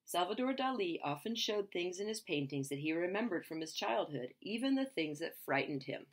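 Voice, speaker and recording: A woman reading a children's picture book aloud in a lively, expressive way. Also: on the low side, moderate pace. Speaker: reader.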